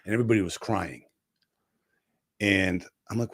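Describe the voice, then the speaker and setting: A man's voice: medium pitch, normal speed. A man in his fifties, a guest on a casual podcast, telling personal stories with big swings in his voice. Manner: animated storytelling, voice rising and dropping sharply.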